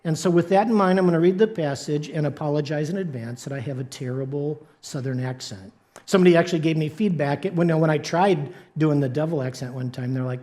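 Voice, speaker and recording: A man's voice: fairly high pitch, fast, darkish tone. Playful man preaching a sermon. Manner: playful, joking with the congregation. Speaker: pastor. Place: church sanctuary.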